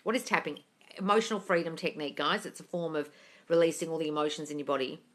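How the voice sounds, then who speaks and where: A woman's voice: low-pitched, fast talker. A woman, hosting a casual live stream and answering viewer questions, calling them darling and gushing over their news.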